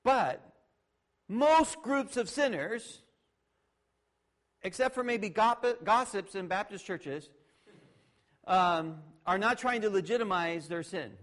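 Slowly and with long pauses, a middle-aged pastor preaches a conversational sermon with lively intonation. He shifts between booming sarcastic mock voices and hushed asides.

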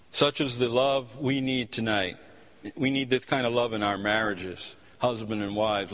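A man's voice: on the low side, fairly bright tone. A man preaching a sermon, telling stories passionately with frequent restarts. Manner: impassioned storytelling preacher with repeated restarts. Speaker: pastor. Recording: long hall reverb.

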